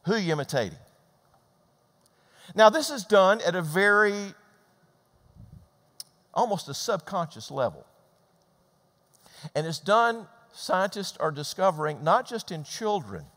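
Lively older preacher in a hall. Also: male voice, high voice, a little slow, long pauses. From Georgia, US. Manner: animated, conversational preaching with repetitions. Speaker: pastor. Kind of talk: sermon. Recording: long hall reverb.

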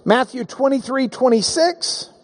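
A male preacher delivering a sermon in a high, lively voice that climbs and dips with emphasis. He speaks slowly and deliberately, drawing listeners in with questions and a bit of self-deprecating humor. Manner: emphatic, engages the audience with questions and call-and-response.

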